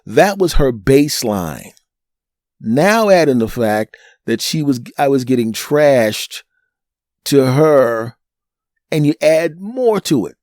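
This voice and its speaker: A man's voice: mid-range voice, slow, no echo, studio quality. A man with a Northeastern US accent hosting a solo podcast, telling a story animatedly and acting out the people in it. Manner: animated, acts out quoted people. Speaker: podcast host.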